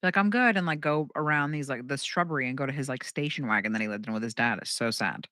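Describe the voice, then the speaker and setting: A young adult woman, a comedian guest, telling a story in casual chat and acting out quotes with big jumps in pitch. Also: fast, bright, forceful tone, no room sound, clean studio sound.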